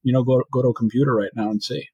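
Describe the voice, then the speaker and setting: A man's voice: medium pitch, fairly even intonation, rapid-fire, warm tone, slightly rough, muffled recording. A man with a New York accent, a guest on an interview podcast, talking casually and often checking in with "right?". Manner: chatty, often ends points with "right?". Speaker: podcast guest, industry executive.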